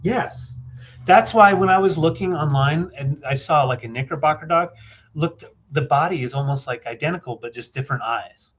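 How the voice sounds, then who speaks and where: A man's voice: on the high side, normal speed, a bit bright, husky. Laid back guy hosting a vintage sale stream, chatty and fond, lots of ums. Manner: easygoing, fond, lots of fillers. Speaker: co-host of a live vintage sale. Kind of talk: casual sales chat.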